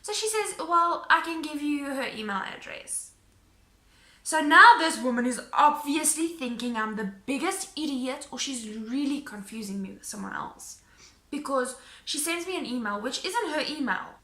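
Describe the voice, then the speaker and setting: A woman vlogger telling a story in a casual, animated way, acting out what people said. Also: high voice, moderate pace, roomy sound. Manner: animated retelling, acting out quotes.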